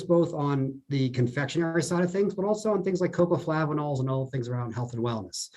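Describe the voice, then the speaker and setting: A man's voice: a little high, a little mellow. A man with a New Jersey accent, a guest chatting casually and explaining his background on a podcast.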